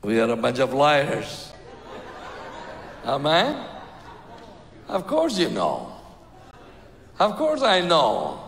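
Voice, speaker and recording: A man's voice: very high voice, sharp tone. A man from India, preaching as a guest speaker and giving an altar call, often asking the crowd "Amen?". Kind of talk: sermon with altar call and prayer. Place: church sanctuary. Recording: echoey reverberant hall.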